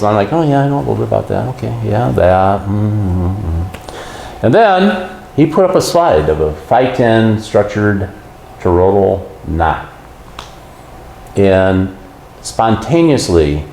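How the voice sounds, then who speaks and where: Man guest, very low voice, animated storyteller; roomy echo. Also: a little hiss or hum. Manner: animated storyteller who acts out quotes. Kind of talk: casual storytelling.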